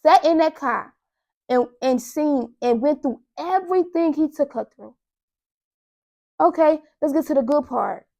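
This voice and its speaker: High-voiced woman telling a story. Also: a little slow, muffled recording. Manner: animated storytelling, addresses listeners as y'all. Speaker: podcast host. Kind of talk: casual monologue.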